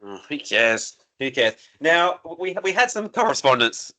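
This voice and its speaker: Bright-voiced man reading messages. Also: medium pitch, very animated, measured pace. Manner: reads listener messages, reins in his co-host. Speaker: podcast co-host. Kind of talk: casual chat.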